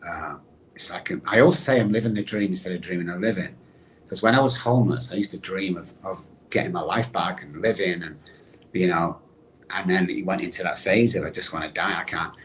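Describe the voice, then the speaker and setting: A middle-aged man, a podcast guest and addiction recovery expert, telling his own story in an animated way and addressing the host by name. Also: deep voice, a little fast, slight background noise. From England.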